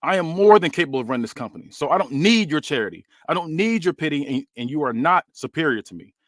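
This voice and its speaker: A man's voice: on the high side, expressive, fast talker, fairly bright tone, no room sound. A proud, irritated company owner who stands his ground and swears, as a man reads him out. The delivery rises and falls widely, and the sound is dry and close. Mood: defiant. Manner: indignant, firm, cursing. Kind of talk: read-aloud fantasy wrestling booking.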